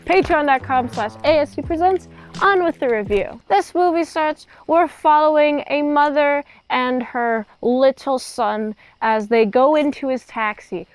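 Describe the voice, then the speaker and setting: A woman's voice: high voice, a little slow, faint music behind, poor audio. A woman recapping a horror film in a casual, chatty way, with joking, rambling asides. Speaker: movie reviewer.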